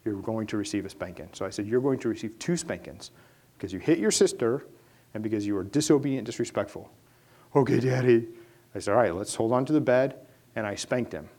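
A middle-aged man, a pastor, preaching an earnest sermon that rises to loud, high-pitched emphasis at its peaks. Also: expressive, quick pace.

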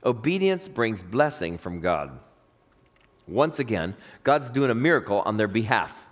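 A man's voice: on the low side, a little slow, big-room sound. A man preaching a sermon, reading scripture and asking his listeners questions. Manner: lively, questions the congregation. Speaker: pastor.

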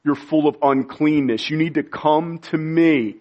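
Man preaching to a congregation, fervent and pleading, recorded on muffled low-fidelity audio. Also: fairly even intonation, unhurried. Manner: impassioned, pleading preaching with sudden quiet drops. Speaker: pastor. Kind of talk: sermon.

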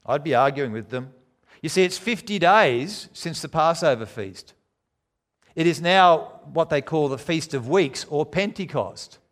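A man preaching a sermon, emphatic, swinging between loud declarations and quiet, low lines. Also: expressive, a little slow.

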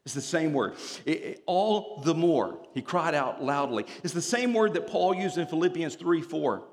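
A man preaching a sermon in a church, telling stories with humor and explaining scripture in an animated way. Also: fairly high pitch, normal speed, big-room sound.

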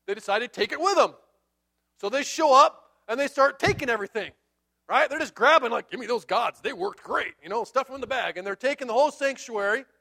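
A man preaching a sermon, telling a Bible story in an animated way and acting out the characters. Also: very high voice. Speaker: pastor.

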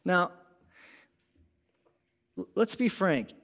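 Pastor, male, slightly high voice, lively and conversational, big emphatic builds. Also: very slow, creaky. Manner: animated, rising to emphatic peaks then dropping low; conversational asides and rhetorical questions. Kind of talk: sermon.

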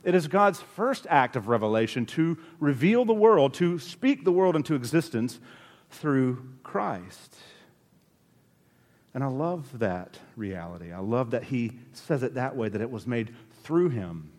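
A man preaching a sermon as pastor, emphatic, with sharp rises and drops in his delivery. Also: mid-range voice, big pitch swings, unhurried, big-room sound.

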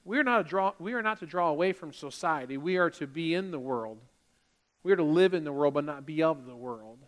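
High-pitched guy preaching a sermon, pastor style, punches his points and does little impressions of church folks. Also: lively intonation, fairly quick, a bit bright, in a large hall. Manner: preaching with rising emphasis and brief mimicked churchgoer asides.

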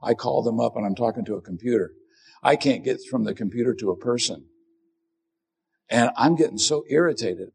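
A middle-aged man delivers a sermon, a pastor with a gravelly edge and a somewhat husky tone. He preaches earnestly but conversationally, often turning the point on himself. His pitch sits in an ordinary middle range. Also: brisk, darkish tone.

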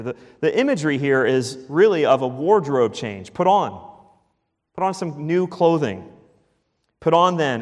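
Guy preaching a sermon, mid-pitched voice, repeats his points hard then goes quiet, big echoey church. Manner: emphatic, repeats key phrases, drops to a hush at line ends. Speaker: pastor.

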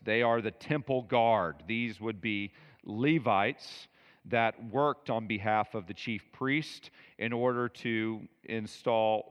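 A man's voice: lowish voice, smooth, in a large hall. A man preaching a verse-by-verse sermon, talking conversationally and with emphasis, with asides to his listeners. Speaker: pastor. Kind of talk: expository sermon.

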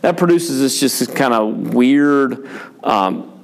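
Speaking slowly with vocal fry in a medium pitch, a man who is both pastor and father offers a relaxed pastoral talk on raising kids. It comes out rambling and candid, full of fillers, false starts, and jokes at his own expense.

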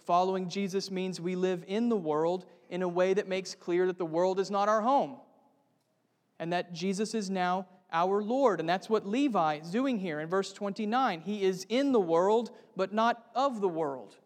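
A man's voice: high voice, moderate pace, in a large hall. A man preaching a sermon as pastor, earnest and direct, often asking his listeners questions.

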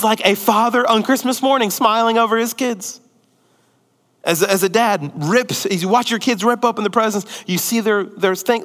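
A pastor preaching a sermon, a man who swings between loud, excited emphasis and hushed, near-whispered lines. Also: high-pitched, moderate pace, big-room sound.

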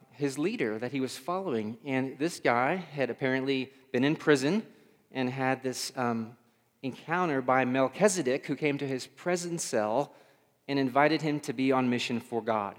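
A man's voice: medium pitch, moderate pace. A pastor delivering a conversational sermon; he often repeats words as he searches for them and asks his listeners questions. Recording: reverberant hall.

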